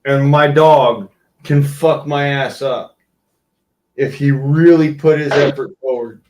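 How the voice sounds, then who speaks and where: Slow-talking man cooing at his dog. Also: medium pitch, steady tone, a little mellow, a little hiss or hum. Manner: profane, teasing, talks baby-talk to his dog. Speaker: stream host. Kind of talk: casual chat while playing with his dog.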